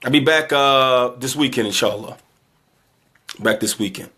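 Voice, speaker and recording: A man's voice: mid-range voice, measured pace, sharp tone. A tired, emotional man giving an earnest closing appeal to his community, repeating himself and asking pleading questions. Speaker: community speaker appealing for donations. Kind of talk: impassioned closing exhortation.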